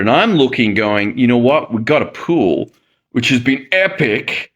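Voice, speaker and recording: A man's voice: medium pitch, lively intonation, moderate pace, a bit bright. A middle-aged man telling a personal story in a casual monologue, acting out the reactions he quotes. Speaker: medical educator and host.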